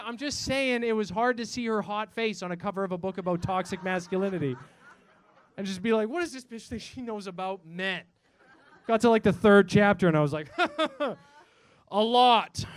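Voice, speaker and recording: A man's voice: high voice, smooth. A young man performing a self-mocking stand-up set in a comedy club, swearing and acting out voices.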